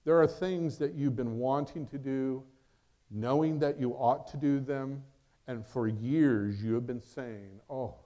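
A middle-aged man, a pastor, preaching a sermon and telling a personal story, acting out the dialogue with big swings in loudness. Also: mid-range voice, measured pace.

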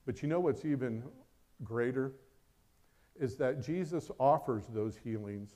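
A middle-aged pastor delivers a sermon at a moderate pace, swinging from loud, urgent questions to quiet, low asides.

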